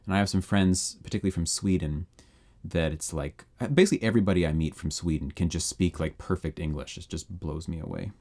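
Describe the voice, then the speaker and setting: A man producing music on a live stream, chatting in a relaxed, rambling way with viewers between playing. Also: low voice, fast. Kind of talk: casual live-stream chat.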